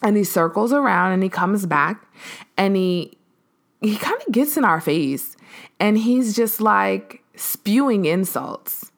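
A woman hosting a podcast, telling a story in a casual, animated way, acting out the voices of the people in it and using lots of fillers. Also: mid-range voice, takes it slowly, vocal fry. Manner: animated, acts out quoted voices, frequent fillers. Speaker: podcast host.

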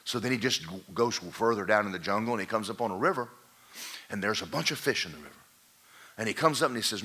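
Mid-sermon, a pastor tells a jungle parable with plenty of animation. His lowish, husky voice has a bright, forceful edge, and he speaks fast with lively intonation.

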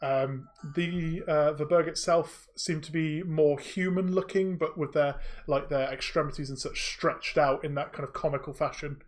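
A man's voice: on the high side, fairly even intonation, moderate pace, hardly any pauses. A man narrating a tabletop game as game master, hesitant and full of restarts. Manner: hesitant, many fillers and restarts.

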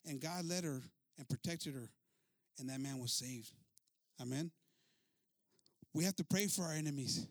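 Stammering bilingual preacher, fairly high voice. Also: male voice, animated, fairly quick, dry recording. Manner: stammering restarts, repeating words, calling listeners brothers. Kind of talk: bilingual sermon, interpreting himself.

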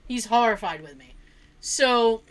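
A woman telling a funny family story in a casual, animated way, swearing freely and laughing often. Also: on the high side, unhurried, smooth.

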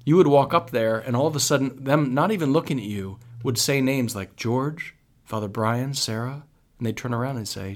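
Male priest, radio interview guest, animated storyteller with frequent restarts. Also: medium pitch, moderate pace.

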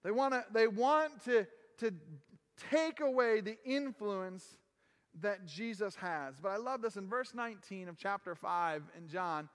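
High-voiced preacher in an echoing hall. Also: male voice, lively intonation, measured pace, a bit bright. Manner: earnest, emphatic, drops low on key phrases. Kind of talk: sermon. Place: church sanctuary. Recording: long reverb of a large hall.

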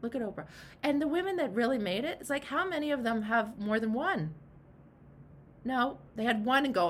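A woman's voice: fairly high pitch, expressive, normal speed, a little hiss or hum. A woman coaching a client in casual talk, emphatic and direct, with frank asides. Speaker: life coach.

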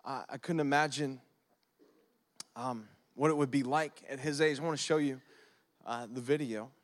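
A man in his thirties or forties, a pastor preaching a sermon in a lively, conversational way, using props and acting out prayers. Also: mid-range voice, normal speed. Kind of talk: sermon with object lessons. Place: church service.

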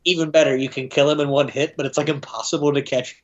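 A man with a fairly high voice talks fast and flatly, chatting casually as a podcast guest. He rambles and laughs often in a playful way. The recording has a dull, lo-fi sound.

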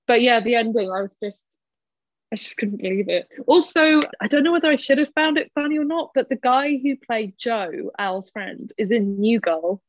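A woman chatting casually about a film, animated and quick to laugh as she acts out lines. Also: on the high side, no room sound, highs cut off. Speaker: podcast co-host discussing a film. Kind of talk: casual chat.

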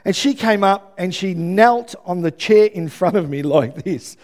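A middle-aged Australian man preaching a sermon, telling a personal story with lively, acted-out quotes and asides. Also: high-pitched, a little slow. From Melbourne, Australia.

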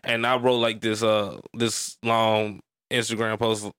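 A man's voice: on the low side, level tone, a little slow, fairly bright tone, clear, resonant tone, dry recording, clean studio sound. A man co-hosting a podcast, telling stories in a rambling, profane, casual way full of "like" fillers. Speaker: podcast co-host. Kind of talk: casual chat.

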